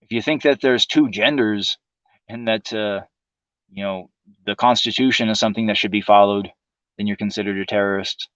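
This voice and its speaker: A man's voice: lowish voice, fairly even intonation, moderate pace, fairly bright tone, no room sound, muffled recording. A man hosting a livestream, delivering a profane, sarcastic political monologue in a casual ranting manner. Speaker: livestream host.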